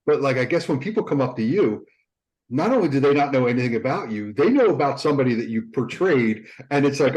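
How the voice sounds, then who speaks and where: A man's voice: mid-range voice, lively intonation, fast, darkish tone, poor audio. A man, co-hosting a podcast. He talks in long, reflective stretches and loops back over his words while he thinks. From suburbs outside Philadelphia. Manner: reflective, rambling, repeats words. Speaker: podcast co-host. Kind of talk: casual podcast chat.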